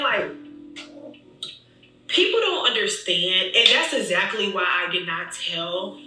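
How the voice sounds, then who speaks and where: Young woman vlogger doing a storytime, acts out the quotes, very bright voice, kinda far from the mic. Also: on the low side, normal speed, soft background music. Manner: animated retelling, acting out quoted dialogue. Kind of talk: storytime vlog. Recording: echoey room, voice distant from mic.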